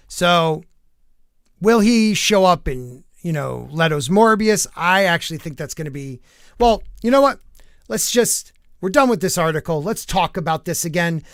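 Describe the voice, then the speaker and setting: A man's voice: high-pitched, animated, normal speed, fairly bright tone, dry recording, clean studio sound. A man hosting a live podcast, reading entertainment news aloud and rambling through his thoughts with lots of fillers. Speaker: podcast host. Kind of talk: casual live-stream news commentary.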